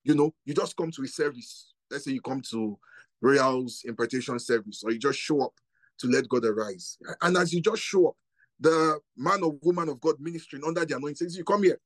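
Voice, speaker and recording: A man's voice: medium pitch, fairly quick, no echo. A middle-aged man preaching a sermon as guest pastor, with emphatic delivery and rhetorical questions that repeat.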